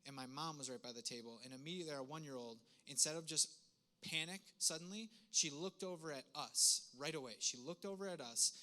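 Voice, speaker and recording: A man's voice: a little high, bright, forceful tone. A man in his thirties preaching a sermon in a conversational, earnest way, with frequent asides and restarts. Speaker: pastor. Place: church sanctuary.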